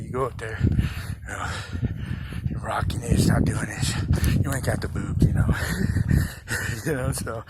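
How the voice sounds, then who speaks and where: A man's voice: mid-range voice, steady tone, brisk. A man talking casually to the camera about recovery, rambling, blunt and profane but reassuring. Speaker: recovery vlogger. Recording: loud background noise.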